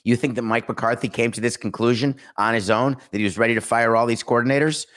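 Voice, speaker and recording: A man's voice: mid-range voice, steady tone, fast, few pauses, fairly bright tone. A middle-aged man hosting a sports talk show, commenting casually with sarcastic, mocking asides. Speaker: sports talk podcast host.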